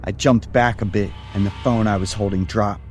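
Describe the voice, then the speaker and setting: A man in his thirties tells a first-person horror story in a casual, slangy voice. He speaks in a lowish register. Clear background music plays under him. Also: fairly even intonation, moderate pace. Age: 30s. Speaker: narrator.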